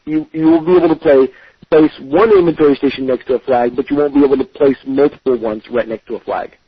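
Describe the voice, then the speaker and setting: Halting man, muffled dry radio sound. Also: mid-range voice, slightly rough, dry recording. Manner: halting, many fillers and restarts, guarded. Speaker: game developer guest. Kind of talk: casual interview.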